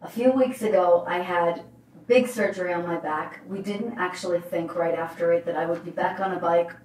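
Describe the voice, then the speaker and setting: Brief: expressive woman motivational coach, story-driven delivery, recorded from a distance in a roomy space. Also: fairly low pitch, moderate pace. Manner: emphatic, animated storyteller. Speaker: life coach.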